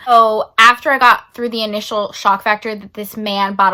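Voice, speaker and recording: Young woman book vlogger, chatty and animated, slightly high voice. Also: creaky. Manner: chatty and animated, drawn-out emphasis. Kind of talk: casual chat about books.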